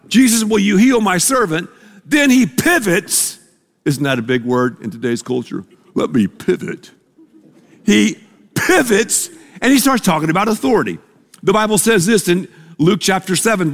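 Male preacher, high voice, emphatic sermon delivery, big reverberant room. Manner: emphatic, asks the congregation to repeat words. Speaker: pastor.

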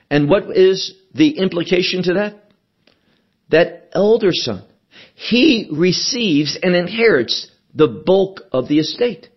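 Male radio Bible teacher, slightly high voice, deliberate, stresses every quoted verse. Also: lo-fi sound.

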